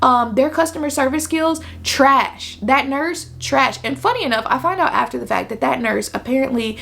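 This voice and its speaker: A woman's voice: high-pitched, animated, moderate pace, vocal fry, a bit bright. A young woman telling a personal story to camera in an emphatic, venting way, repeating her points for stress. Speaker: vlogger. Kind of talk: casual storytime.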